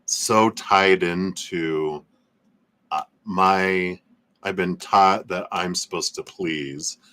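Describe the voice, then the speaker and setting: Deep-voiced man rambling through a tarot reading. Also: a bit bright. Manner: loose, rambling, with frequent fillers and laughs. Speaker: tarot reader. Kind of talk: live tarot reading stream.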